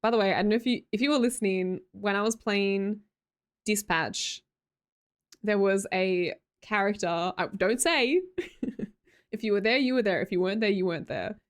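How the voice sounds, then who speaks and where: A woman's voice: mid-range voice, normal speed. A young Australian woman live streamer chatting casually with her viewers, reading their messages aloud, laughing often and swearing freely.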